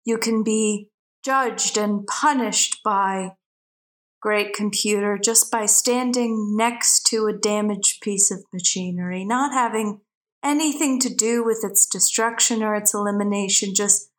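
A woman giving a measured, mock-solemn in-character speech as a player in a tabletop game. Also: mid-range voice, steady tone.

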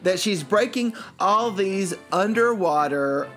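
A man co-hosting a comedy show, reading odd news with playful, drawn-out jokes. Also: sits high, lively intonation, a bit bright, faint music behind. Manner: playful, drawn-out jokey delivery. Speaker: comedy podcast co-host.

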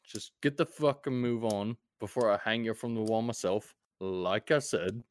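A man voicing a gruff, foul-mouthed male gate guard who swears and shouts down from a wall. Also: on the low side, normal speed, close to an everyday voice. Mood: annoyed.

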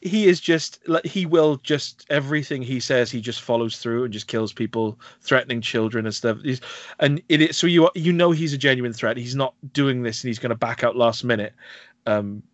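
A man's voice: mid-range voice, normal speed, no echo. Chatty man with dull, dry sound. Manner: animated storytelling, acts out quoted lines, laughs often. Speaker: podcast host reviewing films. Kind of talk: casual film review chat. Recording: dry, slightly dull podcast audio.

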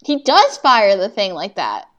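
A young woman co-hosting a podcast, adding quick reactions and comments in casual chat. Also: medium pitch, wildly swooping pitch, fairly bright tone, highs cut off. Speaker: podcast co-host.

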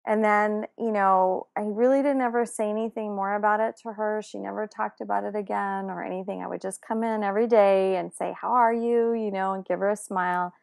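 A woman telling a personal story in a casual, animated way, with many fillers and restarts. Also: medium pitch, fairly quick, gravelly, hardly any pauses, clean tone.

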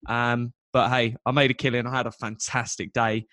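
A man's voice: medium pitch, level tone, normal speed, a bit bright, no room sound. A man with a London accent co-hosting a casual podcast, chatty and laid-back with lots of ums. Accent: British, London. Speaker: podcast co-host. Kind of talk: casual chat.

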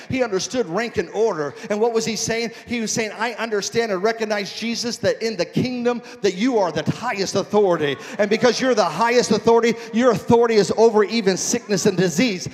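A man preaching a sermon as pastor, swinging from quiet teaching to shouted, half-sung calls. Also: high voice, a little fast, hardly any pauses. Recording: music with long hall reverb.

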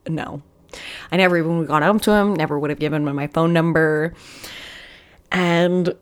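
A young woman with a low voice hosts her podcast in a loose, chatty way. She tells her dating stories frankly, swears freely and laughs often as she goes. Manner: candid, profane, laughs often while telling stories. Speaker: podcast host. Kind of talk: casual storytelling monologue.

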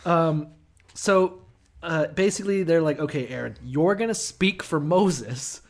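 Irreverent, profane joking man. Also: a little high. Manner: profane, irreverent, quick to laugh. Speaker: podcast co-host. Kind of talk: casual comedic banter.

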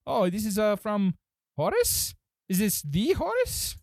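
A man voicing a nervous little male gnome clerk, flustered and high-pitched. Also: huge pitch swings, measured pace, gravelly, darkish tone, no room sound, studio quality, exaggerated voice. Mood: startled.

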